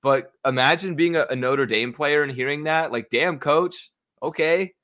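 Bright-voiced young man ranting about football. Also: mid-range voice, moderate pace. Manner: animated, swearing, gets worked up. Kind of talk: casual sports chat.

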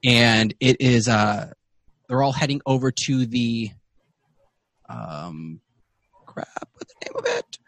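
A man narrating as game master in a tabletop game, pausing often with fillers. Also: mid-range voice, a bit bright, no room sound. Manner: halting, many fillers, trails off.

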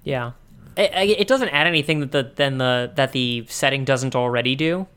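A man's voice: mid-range voice, normal speed, fairly bright tone, clear, resonant tone. A man co-hosting a podcast in casual chat, thinking aloud with wry, joking asides. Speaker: podcast co-host.

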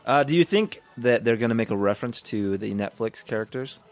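A male co-host rattles along at a brisk clip with a middle-pitched voice. He jokes around and reacts with mock disbelief. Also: animated. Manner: quick, jokey and incredulous. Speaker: podcast co-host. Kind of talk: casual chat.

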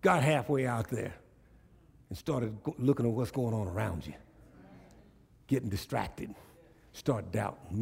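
A male pastor preaching a sermon, animated and repetitive, drawing responses from the congregation. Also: lowish voice, unhurried, gravelly, pauses often, breathy edge.

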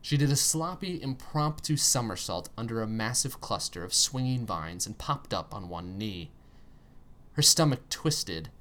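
A man narrating a story aloud in an expressive reading style, with tense pauses and strong emphasis. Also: mid-range voice. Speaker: story reader.

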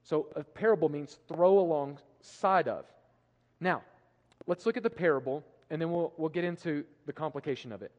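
A man preaching with a fairly high voice, swinging from forceful declarations to hushed lines. Long reverb trails each phrase from the hall he speaks in. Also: normal speed, dull audio. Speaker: pastor. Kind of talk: sermon.

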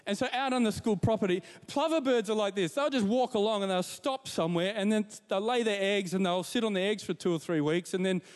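A man delivers a sermon, moving between scripture and everyday stories about his week. His voice sits high and comes through smooth and clear. The sound rings with the long reverb of a large hall. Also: fairly quick, hardly any pauses. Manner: warm storytelling with repetitions and asides to the congregation. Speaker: pastor.

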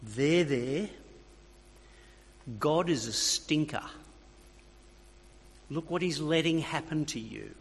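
A man voicing the sly, soothing whisper of the devil, coaxing and flattering. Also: fairly high pitch, slow, creaky, pauses often, breathy edge, heavily acted. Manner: soft, soothing, wheedling. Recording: long reverb of a hall.

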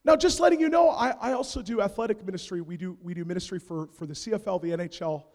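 A man from Canada preaching a sermon, telling stories with swings from hushed asides to loud shouts. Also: high voice, fast talker. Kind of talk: sermon storytelling. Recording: long reverb of a large hall.

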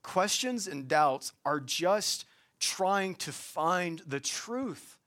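A man preaching a sermon on a gospel passage in a conversational, animated way, drawing out key words for emphasis. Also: high-pitched. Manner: animated, emphatic, slow drawn-out stresses, conversational asides. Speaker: pastor.

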